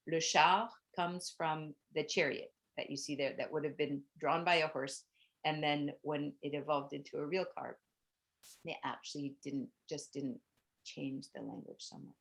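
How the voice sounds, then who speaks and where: A middle-aged woman, a bike tour guide and language teacher, giving a chatty, explanatory virtual tour presentation with frequent "um" and "like". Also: low-pitched.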